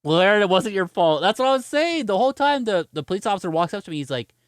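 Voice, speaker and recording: Laughing, animated male streamer. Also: high-pitched, fast, clean tone, no room sound, clean studio sound. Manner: animated, laughs often while telling a story; reads and answers viewer chat. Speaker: gaming streamer. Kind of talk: casual livestream chat and storytelling.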